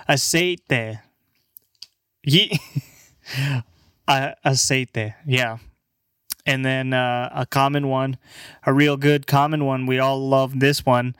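A young man rambling casually through a word list, halting and stammering, swearing and laughing along the way. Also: medium pitch, fairly bright tone, smooth, no echo, clean studio sound. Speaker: language video maker.

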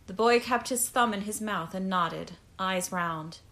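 A woman reading a story aloud as narrator, in a measured, even way. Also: mid-range voice. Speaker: audiobook narrator. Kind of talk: scripted narration.

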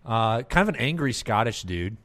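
A man's voice: medium pitch, big pitch swings, normal speed, a bit bright. A man hosting a podcast, chatting casually and laughing often as he talks. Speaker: podcast host.

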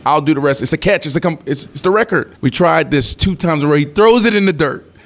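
A man's voice: a little high, fast. A man in his thirties, a former pro football player, telling a story in a casual interview, acting out quotes and laughing. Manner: animated storyteller who acts out quotes, swears, laughs. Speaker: former NFL wide receiver, guest.

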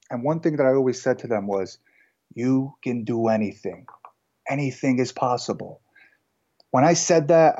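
A man tells his story in a loose, conversational way, full of fillers and restarts. His voice is mellow and warm at a middling pitch. The recording sounds slightly dull and lo-fi. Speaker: guest entrepreneur. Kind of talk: casual storytelling interview.

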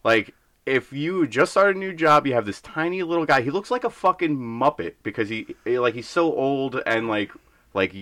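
A man's voice: mid-range voice, animated, normal speed, a bit bright, dry recording. A young man co-hosting a casual podcast, bluntly ranting about his job and breaking into acted-out voices. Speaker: podcast co-host.

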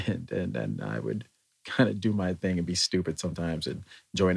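A man's voice: low-pitched, big pitch swings, normal speed, vocal fry, slightly rough. An American man talking in a thoughtful, meandering way, with many fillers and restarts, in a reflective solo monologue. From United States.

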